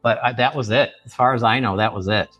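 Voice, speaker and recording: A man in his fifties from the Chicago area, telling a family story as a guest on a podcast, earnest and halting. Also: mid-range voice, a bit bright, dry recording, muffled recording, faint music behind. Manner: earnest, halting, many restarts. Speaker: author guest. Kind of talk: podcast interview.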